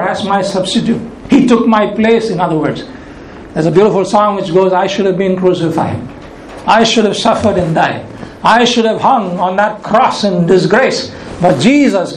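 A man preaching a sermon, reading scripture and slowing down to stress key words, repeating them for emphasis. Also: sits high. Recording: echoey room with faint ambient noise.

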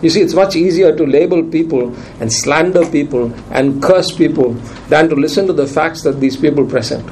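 A man's voice: a little high, moderate pace, darkish tone, slight background noise, poor audio. A man preaching a sermon, emphatic and repeating his key lines for weight.

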